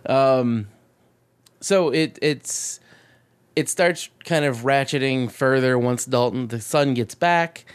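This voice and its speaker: A man co-hosting a casual chat, recapping a film with swearing, jokes and quick acted-out voices. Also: mid-range voice, smooth. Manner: profane, jokey, acts out quick voices mid-recap. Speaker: podcast co-host.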